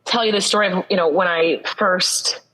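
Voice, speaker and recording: A woman in her thirties tells her own story with an earnest, reflective pull, circling back to key phrases to drive them home. Her voice sits a little low for a woman. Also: steady tone, normal speed, fairly bright tone, rough recording. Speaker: guest. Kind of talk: personal storytelling in an interview.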